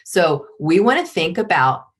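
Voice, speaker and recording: A woman with a lower voice talks as a podcast guest, explaining and then acting out little scenes. She is animated and expressive, shifting her voice as she goes. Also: a little slow. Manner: animated, acts out examples. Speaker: guest, parenting expert. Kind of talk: podcast conversation.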